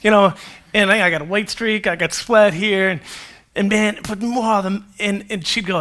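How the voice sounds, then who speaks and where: Bright, high-voiced pastor preaching. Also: male voice, normal speed. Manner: conversational and animated, with self-deprecating humor. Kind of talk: sermon to a live congregation.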